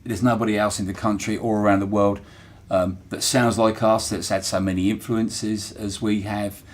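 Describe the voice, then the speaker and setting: A former dockyard worker, middle-aged and from Portsmouth, England, answers interview questions in a fairly low, level voice at normal speed. His Portsmouth accent carries through casual, earnest and reflective talk, with frequent fillers and restarts.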